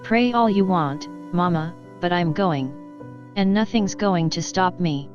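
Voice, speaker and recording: A woman's voice: lowish voice, a little slow, lightly acted. A woman reading a shy, hopeful teenage girl with hidden powers, earnest and pleading, in a dull lo-fi recording with faint music behind. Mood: hurt, firm.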